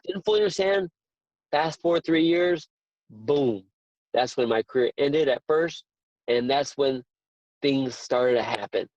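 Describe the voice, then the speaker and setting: A man in his forties, a boxing trainer, telling stories as a guest in a casual interview with earnest, excitable repetition. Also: mid-range voice, a little slow, dry recording, lo-fi sound. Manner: earnest, excitable storyteller who repeats words.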